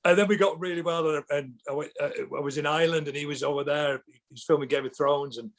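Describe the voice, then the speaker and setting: A man with a Yorkshire accent, a guest on a podcast, telling lively anecdotes and acting out what people said. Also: fairly high pitch, fast. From England. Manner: animated, laughing, acts out quotes. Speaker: actor guest. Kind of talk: anecdotal storytelling.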